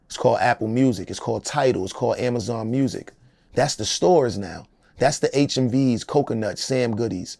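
A middle-aged man, a rapper, speaks in an interview with a gravelly, rough edge to his voice. He talks in a loose, emphatic, streetwise way. The sound is dry and close-miked. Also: mid-range voice, expressive, brisk, darkish tone, dry recording. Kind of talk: casual interview talk.

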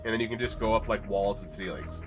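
A man chatting casually while playing a multiplayer game with friends, making dark jokes. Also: on the low side, quick pace, over music. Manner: dark edgy jokes, lively. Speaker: co-player.

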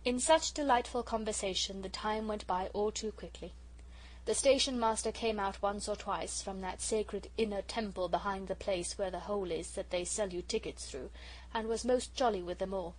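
A woman reading a classic children's novel aloud as an audiobook narrator, in a calm storytelling way. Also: medium pitch, normal speed, rough recording. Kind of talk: scripted narration.

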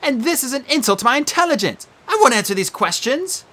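A proud, stubborn teenage girl arguing back with a raised, insistent voice, as a woman reads her. Her pitch jumps around a lot. It is a storybook audiobook voice. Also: big pitch swings, a little fast, a bit bright, heavily acted.

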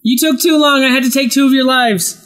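A man hosting casual gameplay commentary, excitable, often yelping and laughing. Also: very high-pitched, a little fast.

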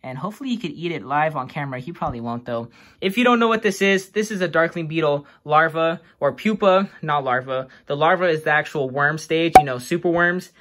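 A young man casually showing off his pet bugs, slangy, excitable and self-mocking. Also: on the high side, a little fast. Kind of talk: casual vlog chat.

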